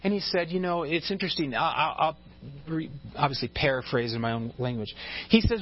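A man's voice: on the high side, expressive, brisk, muffled recording. A man preaching a sermon in a conversational way, restarting phrases and joking with his congregation. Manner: conversational, with frequent restarts and asides. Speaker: pastor.

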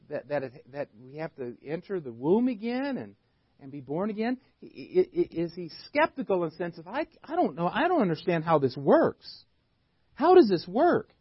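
A man's voice: a little high, dry recording, highs cut off. A male pastor preaching a sermon, asking one question after another and often repeating words as he thinks.

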